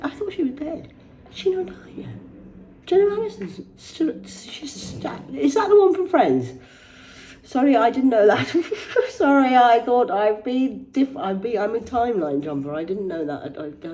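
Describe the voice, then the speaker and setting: A woman rambles through the celebrity headlines, swearing and drifting into mock outrage. Her pitch swings widely from low mutters to high indignant peaks. Her tone is dark and mellow. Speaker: host reading celebrity news. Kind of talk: casual news commentary.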